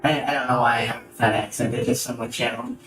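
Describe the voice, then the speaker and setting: A man's voice: mid-range voice, steady tone, fast. Rambling, swearing male game streamer. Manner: rambling, swearing, self-interrupting. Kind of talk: casual gameplay commentary. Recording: roomy, distant mic, faint music.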